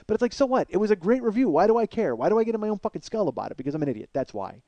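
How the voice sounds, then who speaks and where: A man's voice: high-pitched, very animated, racing, mellow, no room sound, dull audio. A man in his forties hosting a podcast, rambling in a self-deprecating, swear-heavy comedic monologue. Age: 40s. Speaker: podcast host.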